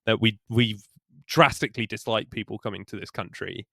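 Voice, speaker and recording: A man's voice: on the low side, a little fast, gravelly, a bit bright, dry recording, studio quality. A British man co-hosting a podcast, chatting casually, laughing often and swearing while he agrees. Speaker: podcast co-host. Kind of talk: casual chat.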